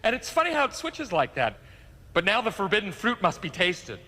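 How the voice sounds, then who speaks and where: Haughty flamboyant fashion mogul. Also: male voice, high-pitched, huge pitch swings, a little fast, sharp tone, heavily acted. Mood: scheming. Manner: haughty, theatrical. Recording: film clip with long reverb.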